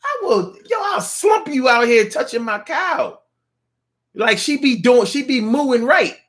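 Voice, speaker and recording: Man, comedic monologue, slangy and rambling, unhurried delivery, mock cow moos. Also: very high-pitched, big pitch swings, a bit bright. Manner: imitates cow mooing.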